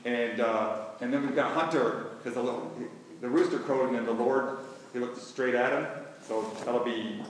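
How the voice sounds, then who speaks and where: A man's voice: mid-range voice, steady tone, moderate pace, slight background noise. A man teaching a casual Bible lesson and staging a skit, talking in a rambling way with many restarts and fillers. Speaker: youth or Bible class teacher. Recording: echoey hall, mic far off.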